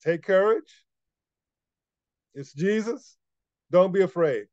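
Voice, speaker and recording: A man voicing Jesus in a sermon retelling, speaking with calm, emphatic reassurance. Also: sits high, slow, no room sound, dull audio. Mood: reassuring. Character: calm reassuring male Jesus calling from the water.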